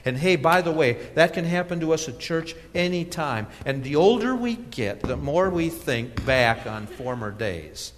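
A man's voice: mid-range voice, in a large hall, slight background noise. A middle-aged male pastor preaching a sermon, telling a personal story with laughs and restarts before reading scripture. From Minnesota.

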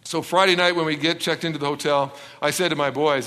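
A middle-aged man from Canada preaching with an animated storytelling manner, acting out dialogue with self-deprecating humor. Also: a little high, fairly quick. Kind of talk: storytelling sermon. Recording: long reverb in a large hall.

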